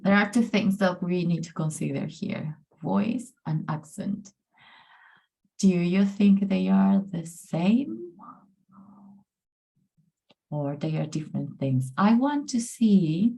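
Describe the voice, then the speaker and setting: Woman, pronunciation coach on a video call, slow and encouraging delivery. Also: fairly low pitch, lively intonation, gravelly, warm tone, breathy edge. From Peru. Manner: upbeat, encouraging, often says amazing and brilliant. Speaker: pronunciation coach presenting a workshop. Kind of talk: online presentation.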